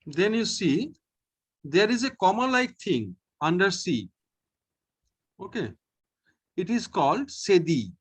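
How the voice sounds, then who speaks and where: A man leads an online French lesson, taking it slow and repeating each sound for his pupil. His pitch swings widely as he explains, and his voice carries a faint husky edge. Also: sing-song. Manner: slow, patient, repeats each sound, often says okay. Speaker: French teacher.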